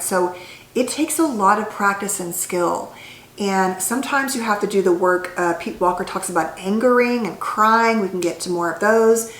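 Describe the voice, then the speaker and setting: Woman, psychologist, casual talk to camera, restarts and fillers, middle pitch, roomy echo. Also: normal speed, fairly bright tone, a little hiss or hum. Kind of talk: talking to camera about healing. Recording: echoey room.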